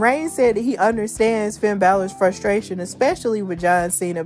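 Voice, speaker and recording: A woman hosting a podcast, talking through the week's wrestling in a loose, slangy way. Her pitch sits in the middle for a woman, and she laughs at her own jokes. Faint music plays under her voice. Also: a little mellow. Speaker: podcast host. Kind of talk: casual wrestling recap.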